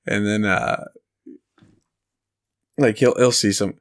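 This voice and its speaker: A man's voice: on the low side, gravelly. A man co-hosting a podcast in casual chat, rambling through stories and laughing at his own jokes. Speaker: podcast co-host.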